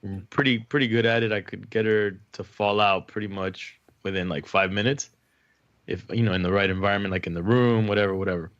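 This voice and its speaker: A young man co-hosts a casual podcast, talking in a relaxed, easygoing way. His voice is bright and forward. The recording is a little muffled. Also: fairly low pitch, a little fast. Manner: laid-back, laughs easily. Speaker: podcast co-host. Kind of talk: casual chat.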